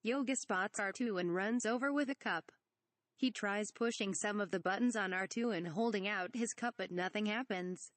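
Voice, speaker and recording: Brief: woman reading script directions, plain delivery, mid pitch, dry close sound. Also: normal speed, no room sound. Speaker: reader.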